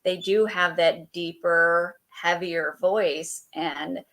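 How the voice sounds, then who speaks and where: A woman's voice: lowish voice, fairly even intonation, slow, fairly bright tone. A woman who guides meditations, speaking as a podcast guest, open and reflective. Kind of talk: casual interview talk.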